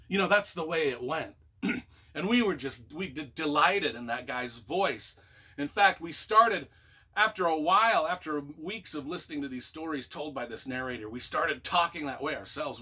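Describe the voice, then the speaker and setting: Animated, bright-voiced man telling a story. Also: fairly high pitch, normal speed, breathy edge. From Utah. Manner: animated, rambling, with many fillers and asides. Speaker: book reviewer. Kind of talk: casual personal storytelling.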